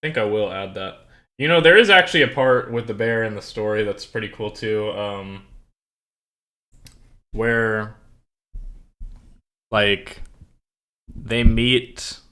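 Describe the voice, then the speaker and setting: A man's voice: on the low side, takes it slowly, long pauses, bright, forceful tone. A man streaming and chatting casually, rambling with lots of "like" fillers and self-corrections.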